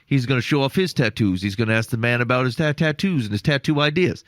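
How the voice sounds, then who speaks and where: A man of ordinary pitch hosts a casual podcast, winding through a long rambling anecdote with laughs along the way. The sound is close and dry, with no room around it. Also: fast, dry recording. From Iowa. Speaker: podcast host. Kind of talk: casual storytelling chat.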